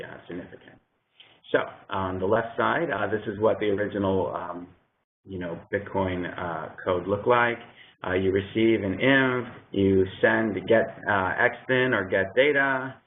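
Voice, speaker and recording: A man giving a technical conference presentation, explaining a diagram step by step and pausing often with ums and uhs. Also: sits low. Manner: hesitant, many ums and uhs; explanatory, working through a slide aloud. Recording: tinny phone-like sound.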